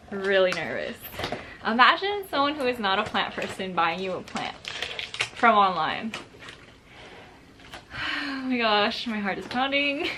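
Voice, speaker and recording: A young woman vlogging casually to her viewers, excitable and nervous as she talks through her plants. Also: mid-range voice, noisy background. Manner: excitable and nervous, gasping and laughing often. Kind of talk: casual vlog chat.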